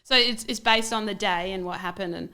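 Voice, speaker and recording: A woman's voice: medium pitch, brisk, pushed and bright, clear, resonant tone. A woman guest on a podcast, talking casually with many fillers and restarts. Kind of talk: casual interview chat.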